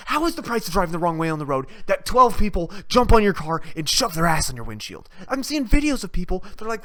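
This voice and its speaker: A young adult hosting a solo podcast, ranting off the cuff in a profane, rambling way. The voice swings widely between low mutters and high, loud outbursts, with sarcastic asides and laughter at their own jokes. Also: sing-song, fast talker, few pauses. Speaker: podcast host.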